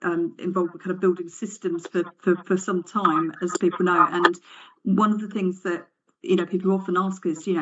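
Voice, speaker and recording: A woman speaking at a committee meeting, reflective and even-toned, with many fillers. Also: on the low side, a little fast, muffled recording. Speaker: committee member. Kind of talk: meeting discussion.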